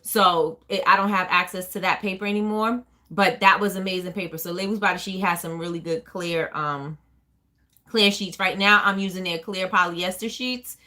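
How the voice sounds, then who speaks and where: A woman from New Jersey with a New Jersey accent, chatting casually and quickly, rambling with lots of ums while she answers viewers' questions. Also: lowish voice, fairly even intonation, bright, forceful tone. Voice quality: fast-talking, rambling with many ums. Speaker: small business owner hosting a live chat.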